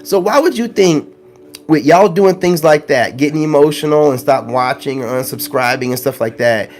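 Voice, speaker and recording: A man's voice: a little high, moderate pace. A man ranting to his viewers in a blunt, preachy monologue, full of slang and with lines repeated for emphasis. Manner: slangy, conversational. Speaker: spiritual self-help vlogger.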